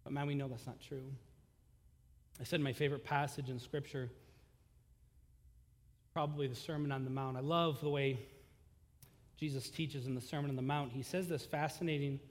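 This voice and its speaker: A man preaching a sermon as pastor, impassioned, rising loud on key lines and dropping low after. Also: steady tone, normal speed, long pauses, big-room sound.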